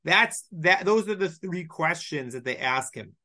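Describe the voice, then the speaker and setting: A man teaching a Bible lesson, lively and explanatory, reading Hebrew verses and explaining them in English. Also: a little high, measured pace. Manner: animated, mixes Hebrew quotes with English explanation. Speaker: Torah teacher.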